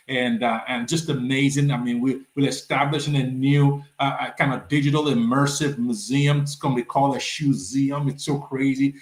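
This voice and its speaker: A man from Nigeria, a nonprofit founder, telling his story as a podcast guest and acting out the dialogue with big swings in pitch. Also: reverberant. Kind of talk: animated storytelling in a podcast interview.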